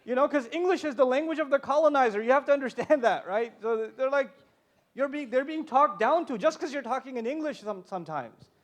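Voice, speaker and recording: A man's voice: extremely high pitch, lively intonation, a little fast. A man speaking on a convention panel, giving a passionate, emphatic talk with joking asides.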